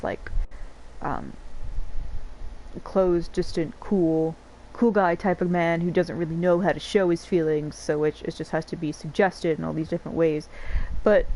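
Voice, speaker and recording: Brief: woman streamer, low voice, rambling casual commentary, faint hiss behind. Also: a little mellow, poor audio. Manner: rambling, swears, laughs often. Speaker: game streamer. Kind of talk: casual let's-play commentary.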